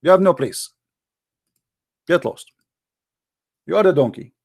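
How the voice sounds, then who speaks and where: A man's voice: fairly high pitch, lively intonation, unhurried, creaky, a little mellow, husky. A man hosting a heated call-in debate, arguing hard and repeating his questions over and over. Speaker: debate host.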